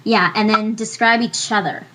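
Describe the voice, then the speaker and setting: A woman interviewing a band over the phone, chatty and quick to laugh. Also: mid-range voice, fairly even intonation, background noise. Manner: laughs easily, conversational.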